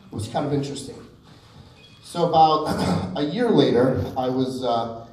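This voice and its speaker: Middle-aged guy giving a keynote, mellow voice, chatty asides, roomy hall sound from a ways off. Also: mid-range voice. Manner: conversational, self-deprecating, with frequent asides. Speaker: keynote speaker. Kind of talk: storytelling keynote speech. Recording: echoey hall, mic at a distance.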